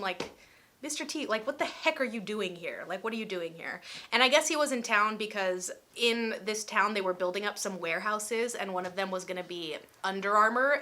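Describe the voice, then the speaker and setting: A young woman in her twenties telling a storytime vlog in a chatty, animated way, with lots of "like". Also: mid-range voice. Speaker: vlogger.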